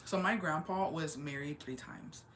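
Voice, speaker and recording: A woman in her twenties chatting casually on a livestream, slangy and animated, dropping Spanish words into her storytelling. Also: deep voice, normal speed, a little hiss or hum. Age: 20s. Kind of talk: casual chat.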